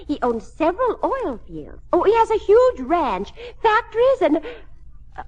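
A flustered older mother in an old radio comedy, a high voice that swoops up and down and trails into breathy giggles as she stumbles over her words. She is sweet and a little scatterbrained. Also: huge pitch swings, a little slow, lo-fi sound, full character voice. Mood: giggly. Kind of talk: 1950s radio sitcom acting.

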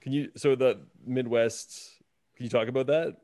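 A man's voice: mid-range voice, fairly even intonation, moderate pace, a little mellow, a little hiss or hum. A man hosting a casual chat, laid-back, asking questions and laughing often.

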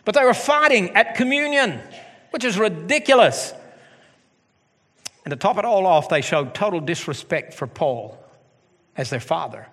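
Man preaching, middle-aged pastor, fairly high voice, lively delivery with humorous asides, long church-hall reverb. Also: normal speed, pauses often, breathy edge. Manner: animated preaching with joking asides. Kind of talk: sermon. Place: church sanctuary.

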